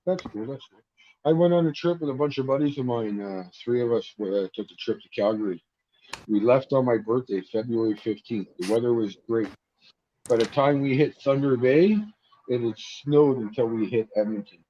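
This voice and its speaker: A Canadian man from Ontario telling stories in a casual chat, animated, acting out the voices of people in his stories. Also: mid-range voice, moderate pace. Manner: animated storyteller, acts out dialogue. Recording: muffled lo-fi audio with faint noise.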